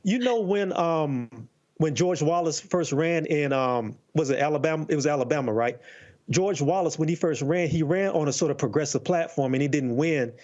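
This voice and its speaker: A man commenting on a panel in a relaxed, amused tone. His voice sits a little high, and his remote audio sounds dull and lo-fi. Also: normal speed. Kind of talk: casual political commentary.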